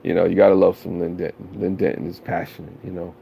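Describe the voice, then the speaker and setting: Laid-back man with a deep gravelly voice. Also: level tone, fast, dark tone, a little hiss or hum. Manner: laid-back, slangy, rambling with many fillers and chuckles. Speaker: live streamer. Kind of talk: casual live-stream chat to viewers.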